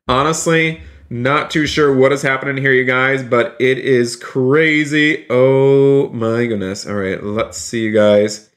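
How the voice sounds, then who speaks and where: A man live-streaming a roleplay game, excitedly narrating each move to his viewers and often repeating himself. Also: mid-range voice, a little slow. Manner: repeats phrases, keeps saying "you guys".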